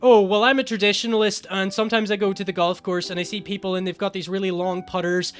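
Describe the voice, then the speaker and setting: A man's voice: high voice, flat delivery, quick pace, faint music behind, lightly acted. A man doing an impression of a rambling older male politician, meandering and self-assured.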